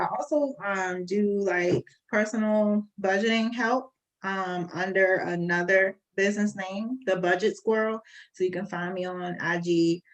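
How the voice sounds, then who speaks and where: A woman guest on a podcast talks about her bookkeeping business. She is friendly and casual and uses many ums. Her voice sits at an ordinary middle pitch.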